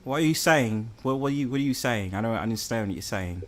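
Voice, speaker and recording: A man's voice: mid-range voice, animated, fast talker, a crowd in the background. A man with a New York accent hosting a casual livestream, talking streetwise slang in an insistent, repetitive way. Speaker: livestream host.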